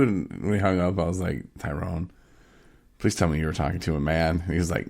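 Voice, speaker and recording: A man's voice: low voice, brisk, gravelly, darkish tone. A man hosting a podcast, telling stories in a laid-back, casual way, laughing often and acting out what others said. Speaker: podcast host. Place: home studio.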